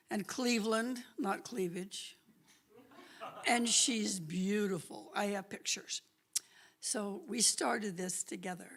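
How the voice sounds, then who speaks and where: A woman telling a lively story at a church talk, chatty and laughing often. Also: medium pitch. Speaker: guest speaker.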